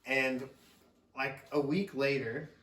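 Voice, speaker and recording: A man's voice: medium pitch, steady tone, takes it slowly, fairly bright tone. A middle-aged man, a father, casually telling a rambling story on a podcast, laughing often and swearing freely. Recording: roomy sound from a distant mic.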